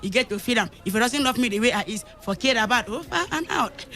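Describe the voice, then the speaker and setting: Nigerian woman host, high bright voice, playful teasing radio banter. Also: animated, fast talker. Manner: playful, teasing, reads listener messages aloud. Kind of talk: casual Pidgin radio banter. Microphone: studio microphone.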